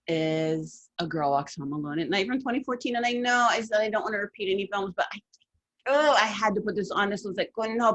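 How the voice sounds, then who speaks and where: A woman hosting a casual countdown of favorite horror films, chatty and enthusiastic with playful asides. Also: fairly low pitch. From lived in New England. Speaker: horror film commentator. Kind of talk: casual film countdown commentary.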